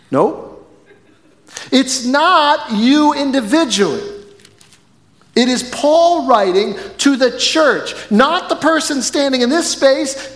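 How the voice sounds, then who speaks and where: A male pastor from the northern United States preaching a sermon in a church, swinging from quiet, measured phrases to loud, emphatic ones. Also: extremely high pitch. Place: church sanctuary. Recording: long hall reverb.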